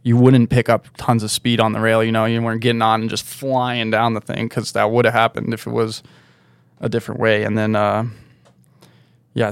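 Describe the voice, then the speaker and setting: Gravelly laid-back young man rambling. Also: mid-range voice, no echo. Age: young adult. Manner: rambling, laid-back, filler-heavy with "like" and "dude". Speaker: guest snowboarder. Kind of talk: casual podcast storytelling.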